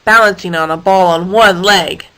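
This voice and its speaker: A woman reading a children's story aloud in an expressive, playful way. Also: lowish voice, moderate pace, low-quality recording. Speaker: storybook reader.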